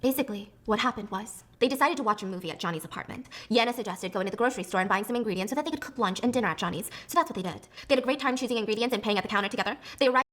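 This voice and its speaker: A woman reading a story aloud with animated, excitable delivery. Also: fairly high pitch, very fast, hardly any pauses. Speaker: story narrator.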